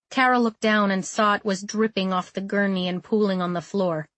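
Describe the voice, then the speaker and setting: A woman's voice: mid-range voice, steady tone, normal speed, fairly bright tone, dry recording. Woman narrating, close and dry. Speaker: audiobook narrator. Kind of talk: scripted narration.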